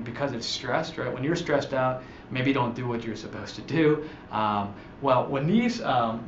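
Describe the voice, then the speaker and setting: Male language teacher, patient and halting, stretches out examples; echoey, dull, slightly hissy recording. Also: medium pitch. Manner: patient, explains slowly with many fillers and restarts; stretches out example words for emphasis. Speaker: Italian teacher. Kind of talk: slide-based grammar lesson. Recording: echoey room, dull audio, faint hiss.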